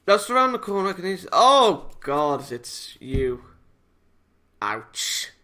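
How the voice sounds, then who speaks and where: With a high, bright, forceful voice full of big pitch swings, a man speaks slowly while reading a visual novel aloud for his let's play. The casual reading is peppered with sarcastic, self-deprecating asides.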